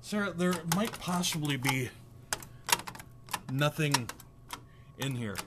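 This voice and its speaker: Goofy young man with lively, swinging pitch. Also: slow pace. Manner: loud, clowning, prone to sudden outbursts. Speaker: vlogger. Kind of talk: goofy late-night vlog chatter. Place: indoor vending machine room. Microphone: handheld camera mic. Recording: noisy handheld camera audio.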